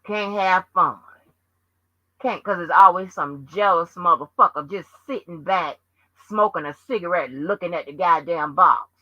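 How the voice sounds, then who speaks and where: A woman hosting her own channel delivers a heated, profanity-heavy rant scolding her viewers. Her voice is fairly low and moderately paced, and the recording is dull, lo-fi, and dry with no echo.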